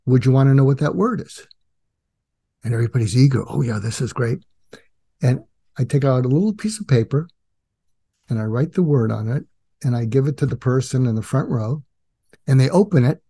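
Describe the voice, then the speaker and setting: An older man, a psychiatrist and author, tells stories in a casual interview, animatedly acting out the voices he quotes. His voice is mid-range and brisk, with frequent pauses.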